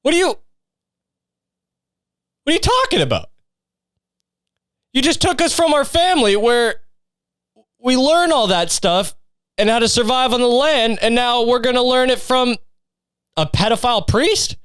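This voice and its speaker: Male performer putting on a shrill, indignant kid voice, dry close sound. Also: animated, measured pace, pauses often, fairly bright tone, clear, resonant tone, no echo, full character voice. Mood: outraged. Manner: outraged, squealing questions. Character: indignant young boy, shrill and disbelieving.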